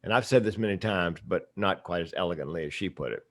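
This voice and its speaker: A man's voice: low voice, fast. A middle-aged man, a comedian and speaker, telling stories as a guest in a casual interview, with punchy comic timing.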